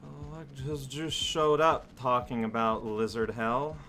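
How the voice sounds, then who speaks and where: A man giving casual gameplay commentary, muttering to himself and bursting into exasperated shouts. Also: mid-range voice, fairly even intonation, a little slow, background noise. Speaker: let's play commentator.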